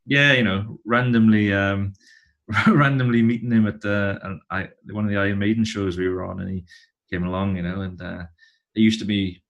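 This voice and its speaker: A man's voice: fairly low pitch, fairly even intonation, moderate pace, fairly bright tone, muffled recording. A man in his thirties, a touring musician and podcast guest, telling rambling stories with many halts and restarts. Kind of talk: casual conversation.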